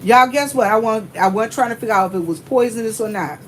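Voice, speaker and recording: A woman with a Southern US accent, chatting to her viewers in an animated, storytelling way and laughing often. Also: a little high, fast talker, a little hiss or hum, low-quality recording. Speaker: vlogger.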